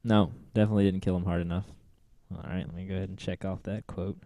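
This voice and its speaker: A man co-hosting a podcast in casual chat, with a mid-pitched, dark and mellow voice. He sounds relaxed, laughs along and drifts into mock quotes. The recording is dry. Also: quick pace, no echo. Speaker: podcast co-host.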